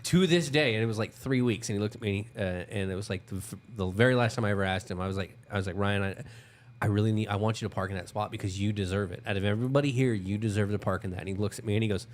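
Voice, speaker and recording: A man telling a workplace anecdote in a casual chat, acting out both sides of the dialogue. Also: fairly low pitch. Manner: quick storyteller, acts out dialogue.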